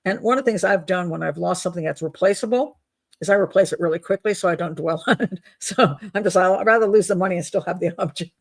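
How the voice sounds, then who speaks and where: A woman with a gravelly edge to her voice hosts a crime-profiling show in a loose, conversational way. She speaks emphatically and sounds incredulous, firing off rhetorical questions. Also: on the low side, quick pace. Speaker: host of a crime profiling channel. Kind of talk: casual live-show commentary on a criminal case.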